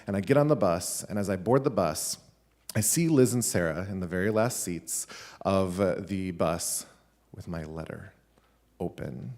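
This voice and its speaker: A man, a teacher, telling a funny personal story live at a school event, animated and laughing between lines. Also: deep voice, normal speed. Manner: animated, laughing, with many "like" fillers.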